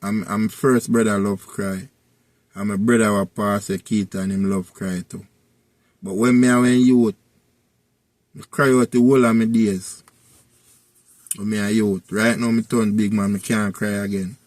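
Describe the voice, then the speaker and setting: Man, Jamaican accent, casual storytelling, rambling patois, fairly low voice, dry sound. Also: fairly even intonation, measured pace, long pauses, a little mellow, no echo. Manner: rambling patois storytelling with repeated tag phrases. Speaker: vlogger.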